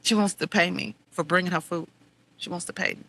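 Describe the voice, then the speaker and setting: Bright-voiced middle-aged woman, heartfelt and wry. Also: on the low side, fairly even intonation, a little fast. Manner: heartfelt and wry, shifting between quiet reflection and exasperated venting with laughs. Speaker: podcast host. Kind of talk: candid personal storytelling.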